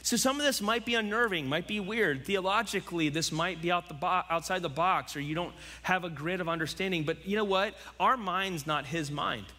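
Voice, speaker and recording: A man's voice: high voice, brisk, hardly any pauses, sharp tone, long reverb tail. A man preaching a sermon, telling a story conversationally and acting out the voices of others. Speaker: pastor.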